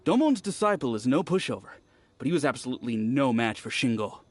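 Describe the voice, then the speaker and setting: Chatty village gossip. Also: male voice, mid-range voice, fast talker. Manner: chatty, animated storytelling. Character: friendly talkative young village man. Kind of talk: video game voice acting.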